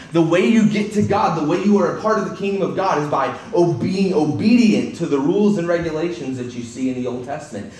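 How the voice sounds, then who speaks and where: A man's voice: a little high, darkish tone. A man preaching an expository sermon in a church hall, talking conversationally with frequent restarts and voicing the people he quotes. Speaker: pastor. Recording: echoey room, faint hiss.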